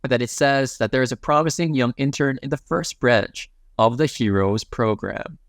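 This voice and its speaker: A man's voice: medium pitch, normal speed, vocal fry, no room sound. Casual male recap narrator, dry. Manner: casual and slangy, retelling panels in plain speech.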